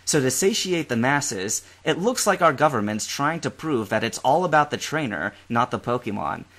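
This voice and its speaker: A man reading a calm, deadpan teenage boy. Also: medium pitch, moderate pace. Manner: quiet and deadpan. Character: calm, dry-witted teenage boy trainer.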